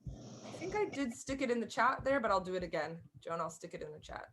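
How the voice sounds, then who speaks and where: Over a video call, a woman teaches a fiddle class, explaining casually and chattily while often restarting and rephrasing. Her mid-range voice is fairly bright, very animated, and fairly quick.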